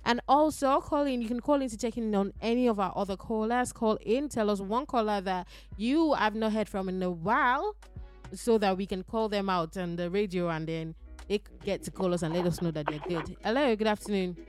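A woman's voice: medium pitch, fairly quick, dry recording, faint music behind. Upbeat Nigerian woman radio host. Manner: lively, coaxing, laughs between lines. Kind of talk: upbeat radio call-in hosting. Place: radio studio. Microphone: studio mic.

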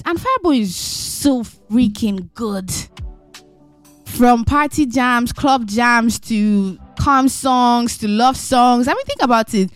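A young woman hosting a radio show, chatting with callers in an animated, teasing, jokey way. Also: a little high, normal speed, no echo, soft background music. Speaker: radio host. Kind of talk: playful radio chat. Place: radio studio.

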